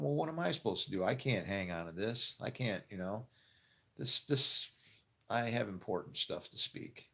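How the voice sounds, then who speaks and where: A middle-aged man with a low voice tells a personal story in loose, rambling fashion. He laughs often, trails off and restarts, and acts out other people's lines in sudden higher voices. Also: gravelly. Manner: rambling, animated, quick to laugh and quote people. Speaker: actor telling his faith story. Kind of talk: casual storytelling.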